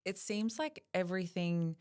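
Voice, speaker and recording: A woman's voice: fairly low pitch, expressive, normal speed, darkish tone, clean tone. A woman hosting a podcast, interviewing a guest in an admiring, enthusiastic way. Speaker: podcast host. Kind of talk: conversational interviewing.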